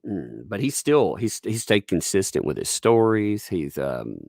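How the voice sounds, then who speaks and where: A man's voice: fairly low pitch, very animated, unhurried, creaky, darkish tone, no room sound, studio quality. A man with a Southern US accent, chatting casually on a live stream, rambling with restarts and frequent chuckles as he reads viewer tips.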